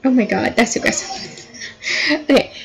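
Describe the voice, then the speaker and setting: A woman talking through a life-sim game in a loose, chatty way. Her voice sits a little high, and she hams up the drama, briefly putting on voices for the characters as she goes. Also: moderate pace, vocal fry, slightly rough, poor audio. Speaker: gameplay commentator. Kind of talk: casual gameplay commentary.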